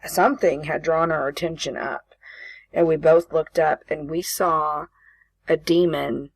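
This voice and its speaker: A woman's voice: sits low, fairly even intonation, unhurried, vocal fry, slightly rough, no room sound. A woman in her late twenties, a podcast co-host chatting casually, laughing often and acting out the voices in her stories. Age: late 20s. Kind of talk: casual chat, storytelling.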